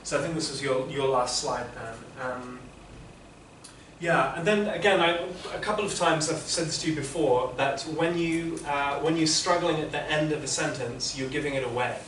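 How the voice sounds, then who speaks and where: A man's voice: on the high side, normal speed, a bit bright, a little hiss or hum. A man teaching interpreting, giving patient, explanatory feedback to students in a classroom. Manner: patient, explanatory, many restarts. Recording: echoey classroom from far off.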